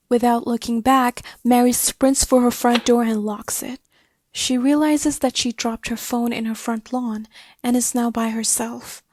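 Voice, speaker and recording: A woman narrating a scripted horror story, often dropping to a hushed, slow, whispery delivery. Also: a little high. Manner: hushed, slowing to whispery dread.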